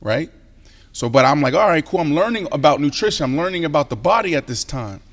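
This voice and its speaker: A man in his forties, a co-host on a sports talk show, telling stories animatedly and with emphasis, sometimes dropping into a hushed voice. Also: a little high, quick pace, long reverb tail. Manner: animated storyteller, emphatic, drops into a hushed voice to tell a story. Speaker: co-host and former football player.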